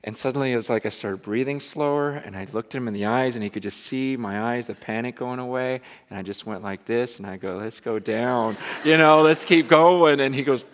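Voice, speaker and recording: A man in his forties, a pastor telling a lively personal story in a sermon, rising to excitement and dropping to hushed, prayerful tones. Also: mid-range voice, fairly quick, hardly any pauses, big-room sound, a little hiss or hum. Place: large church hall with a congregation.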